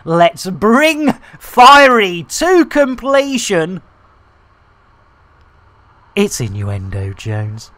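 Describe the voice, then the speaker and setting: A woman's voice: mid-range voice, sing-song, extremely slow, long pauses, a bit bright, no echo. A woman streamer giving cheeky, bantering live commentary into a desk microphone.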